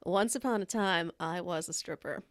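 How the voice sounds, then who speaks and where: A woman's voice: on the low side, moderate pace, no room sound. A woman hosting a live stream, casually telling candid stories with a blunt manner and frequent laughter. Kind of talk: casual storytelling chat.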